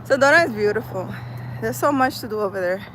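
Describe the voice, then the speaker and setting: A woman's voice: medium pitch, expressive, quick pace, a bit bright, poor audio. Woman, casual live-stream chat, rambling, outdoors in a park, faint city noise. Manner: chatty, rambling, many "like" and "I don't know". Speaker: vlogger reading live chat.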